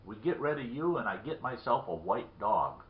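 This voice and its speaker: A man voicing a tipsy old backwoods man who is shaken but boastful, in a drawling, excited way. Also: mid-range voice, normal speed, natural voice. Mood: rattled. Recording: roomy lo-fi recording.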